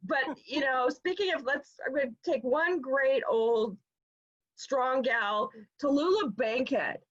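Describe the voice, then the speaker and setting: A woman's voice: high voice, slow pace, lo-fi sound. A woman hosting an interview chat, effusive and exclamatory, speaking over a video call. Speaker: host.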